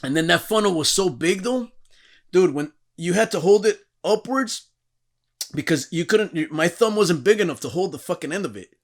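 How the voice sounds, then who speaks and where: A man's voice: high voice, expressive, moderate pace. A man in his thirties, a podcast host, telling profane, rowdy stories in casual chat and acting out the quotes.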